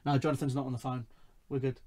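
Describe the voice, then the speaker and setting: A London man hosting a live fan phone-in show, excitable and laughing often. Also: medium pitch, quick pace. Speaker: host.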